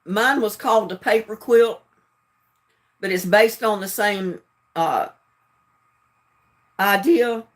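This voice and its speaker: A woman hosting a live trivia stream in a casual, chatty way, often breaking into giggles and talking straight to her viewers. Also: mid-range voice. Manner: chatty, addressing viewers directly. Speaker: livestream trivia host.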